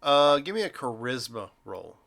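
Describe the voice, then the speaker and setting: A man's voice: medium pitch, big pitch swings, moderate pace, gravelly, fairly bright tone. A man running a tabletop game as game master, narrating casually with a joking manner.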